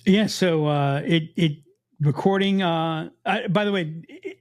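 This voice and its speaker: A man co-hosting a casual podcast, with a slight Mid-Atlantic American accent, talking in an animated way with frequent restarts. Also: on the high side, unhurried. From United States. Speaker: podcast co-host. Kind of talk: casual chat.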